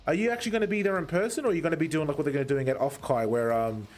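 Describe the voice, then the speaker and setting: A man's voice: fairly high pitch, rapid-fire, darkish tone, faint music behind. A young Australian man with an Australian accent chatting casually with his viewers while gaming, swearing often and greeting people by name. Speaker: gaming streamer.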